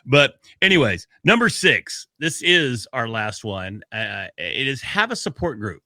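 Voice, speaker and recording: A man co-hosting a casual podcast, his voice bright and forceful. He talks in an upbeat, motivational way and jokes with his co-host, recorded close and dry with no room sound. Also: medium pitch, no room sound.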